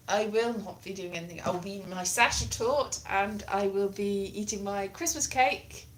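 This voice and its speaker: A woman's voice: medium pitch, expressive, moderate pace, hardly any pauses, slight background noise. Woman streamer, casual chat with viewers, playful and self-mocking.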